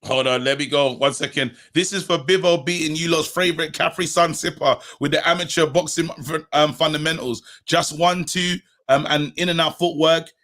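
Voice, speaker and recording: A man's voice: on the high side, fairly even intonation, normal speed, hardly any pauses, a bit bright. A man co-hosting a podcast, chatting animatedly and acting out quotes between laughs. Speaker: podcast co-host. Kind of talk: casual boxing chat.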